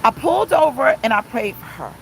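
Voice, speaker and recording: A middle-aged woman pastor giving an impassioned, emphatic, repetitive live-streamed sermon from inside a car, pausing to read viewer comments. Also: fairly high pitch, sing-song, creaky, a little hiss or hum, low-quality recording.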